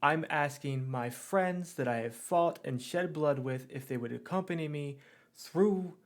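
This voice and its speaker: A man's voice: on the high side, a little slow. A man playing a blunt male adventurer who commands his old comrades, cursing casually.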